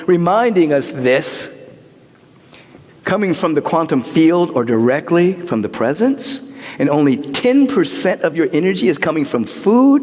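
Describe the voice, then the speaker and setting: A man preaching a sermon as pastor, swinging from soaring shouts to hushed whispers. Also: sits high. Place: large church hall. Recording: hall reverb.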